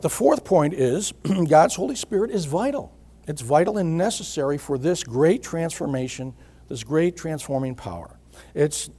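A middle-aged man preaching a sermon in a measured way, repeating phrases and often clearing his throat. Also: on the high side, warm tone. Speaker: pastor.

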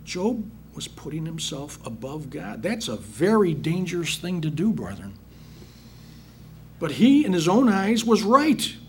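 Lively preacher man expounding scripture. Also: on the high side, a little slow, slight background noise. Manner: reads verses then paraphrases in plain talk, addresses congregation as brethren. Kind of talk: sermon, Bible exposition.

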